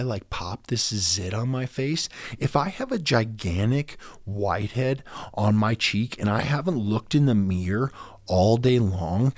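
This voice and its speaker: A man's voice: medium pitch, a little mellow, no room sound, clean studio sound. A man hosting his own podcast, rambling through a casual solo rant with lots of stammered restarts and imitated voices. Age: adult father. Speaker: podcast host.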